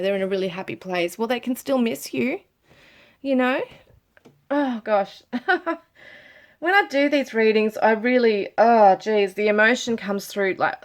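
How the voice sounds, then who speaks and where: A woman giving a channelled tarot reading, overcome with emotion, close to tears and full of sighs and exclamations. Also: medium pitch. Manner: emotional, breaking up and near tears; gushing, many sighs and exclamations. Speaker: tarot reader.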